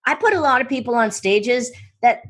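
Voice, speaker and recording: A woman speaking coach telling stories in an interview, excitable and full of quick restarts and asides. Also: fairly high pitch. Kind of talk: enthusiastic interview storytelling.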